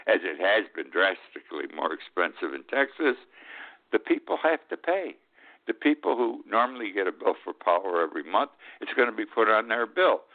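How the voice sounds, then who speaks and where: An older man from upstate New York hosting a radio talk show, giving a blunt, sarcastic commentary monologue and often tagging on "okay?". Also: fairly low pitch. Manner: blunt, sarcastic, drawn-out emphasis with frequent "okay?". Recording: tinny phone-like radio audio.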